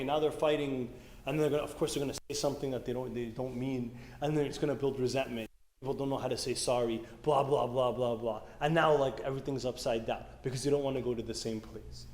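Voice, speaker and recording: A man's voice: on the high side, mellow. A man giving a casual, conversational sermon, often asking the audience questions. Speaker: speaker at a church youth meeting. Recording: echoey hall with faint room noise.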